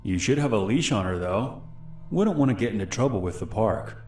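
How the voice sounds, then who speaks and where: A man voicing a creepy smiling male stranger in his twenties, who speaks in a falsely friendly and quietly menacing way. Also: fairly low pitch, lively intonation, moderate pace, roomy sound, natural voice. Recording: faint music underneath.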